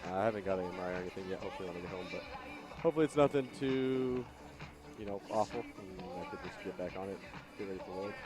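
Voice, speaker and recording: A man, a rider and assistant coach, talking casually in an interview, relaxed and full of fillers. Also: sits low, racing. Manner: laid-back, filler-heavy. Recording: loud music behind the voice.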